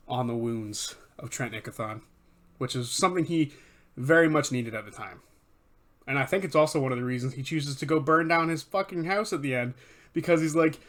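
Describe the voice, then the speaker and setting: Excitable man recapping moments. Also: a little high. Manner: enthusiastic, profane, rambling with self-corrections. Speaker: fan commentator. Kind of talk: casual video commentary recapping a show.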